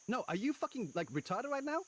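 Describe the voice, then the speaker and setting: A man's voice: very high-pitched, sing-song, fast talker, a bit bright. A man in a heated argument, furiously swearing at and berating the person he is talking to. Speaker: streamer in a heated discussion. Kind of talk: angry argument.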